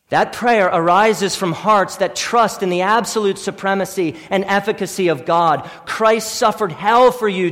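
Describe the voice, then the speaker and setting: A man preaching a sermon as pastor, earnest, dropping to a hush and then rising to force, repeating his questions. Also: high-pitched. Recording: long reverb in a hall.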